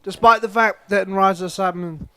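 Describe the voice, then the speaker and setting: A man's voice: sits high, steady tone, fast talker, sharp tone, clear, resonant tone. A man co-hosting a casual review chat in a playful, teasing, sarcastic way. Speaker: co-host of a review show.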